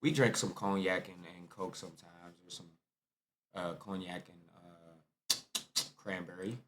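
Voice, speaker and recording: A man's voice: low voice, fairly even intonation, measured pace, very noisy. A man giving loose, slangy, incredulous commentary on videos he watches. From United States. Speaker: reaction video host. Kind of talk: casual reaction commentary.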